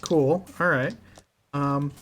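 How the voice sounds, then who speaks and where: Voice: medium pitch, slow pace, slight background noise. A player in a tabletop game, talking casually, laughing often and swearing freely.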